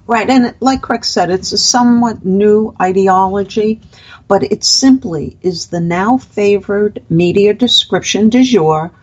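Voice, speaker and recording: A woman's voice: medium pitch, unhurried, muffled recording. A woman from the United States reading long prepared political commentary as a guest, with a sarcastic edge.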